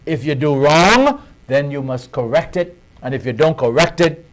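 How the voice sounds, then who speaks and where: A Bahamian man speaks as a guest on a talk show. His voice sits fairly high, and he pushes his points earnestly and emphatically, sometimes restarting a phrase. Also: expressive, normal speed, rough recording.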